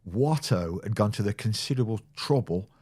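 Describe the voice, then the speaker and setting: A man in his sixties with a very low, deep voice spins stories as a podcast guest. He slips into the voices of the people in his tales and laughs along as he goes. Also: lively intonation, fairly quick, a little mellow, slightly rough. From England. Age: 60s. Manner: storyteller who acts out quoted people, laughing often. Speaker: guest, former football physio. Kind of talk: casual anecdotal chat.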